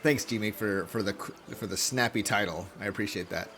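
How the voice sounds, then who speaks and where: A man's voice: on the low side, normal speed, fairly bright tone, soft background music. A man hosting a game video, commenting on the play with amused laughter. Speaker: gaming video host.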